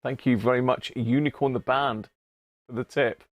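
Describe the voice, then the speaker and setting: A man's voice: medium pitch, steady tone, normal speed, no echo. A man from Britain hosting a casual live stream, chatting away, often laughing and thanking viewers. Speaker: livestream host.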